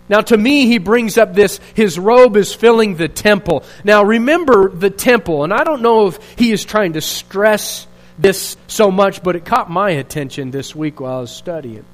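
A man's voice: high-pitched, lively intonation, a little slow, poor audio. A male pastor preaching a sermon in an earnest, searching way, asking rhetorical questions and restarting his phrases.

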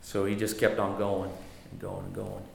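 A man's voice: deep voice, monotone, normal speed, vocal fry. A man teaching a church Bible class in a conversational, joking way, often correcting himself. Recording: echoey room, faint noise.

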